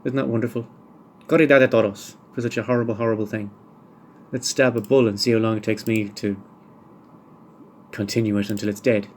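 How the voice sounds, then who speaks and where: A man's voice: lowish voice, steady tone, fairly quick, pauses often, darkish tone, slight background noise. A man hosting a solo podcast, answering listener questions one by one with dry, wry humour and rambling asides. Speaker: podcast host.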